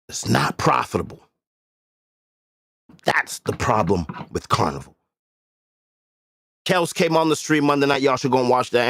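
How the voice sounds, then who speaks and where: A man's voice: medium pitch, a bit bright, dry recording, studio quality. A man hosting a livestream, talking casually and bluntly with profanity and emphatic repetition. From Boston area. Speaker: livestream host.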